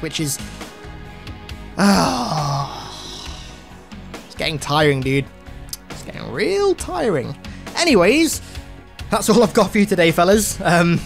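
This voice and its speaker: A young man hosting a casual gaming news video, talking in an excitable, chatty way with lots of "like" fillers. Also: a little high.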